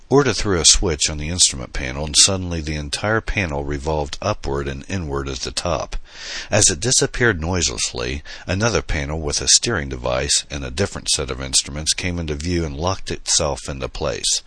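A man reading a science fiction novel aloud in an even, measured storytelling voice. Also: a bass voice, no echo. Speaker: audiobook narrator. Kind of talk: scripted narration.

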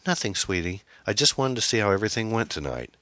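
A man playing a patient but wary mother in an audiobook, speaking noticeably higher than his own deep voice. She coaxes with soft questions and lively rises and falls in pitch. The sound is close and dry. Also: quick pace, no room sound. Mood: gentle. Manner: gentle, coaxing questions. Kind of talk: audiobook reading.

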